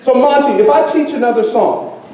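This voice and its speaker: Man storyteller, high mellow voice, very echoey distant hall sound, call-and-response teaching. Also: moderate pace. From United States. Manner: animated, leads a crowd in call-and-response song. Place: high school auditorium with audience.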